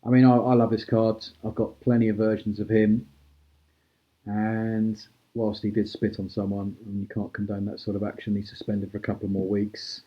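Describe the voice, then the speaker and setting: A man hosting a live-stream auction, chatty and brisk as he calls out prices and thanks bidders. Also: fairly low pitch, level tone, muffled recording. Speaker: host auctioning cards.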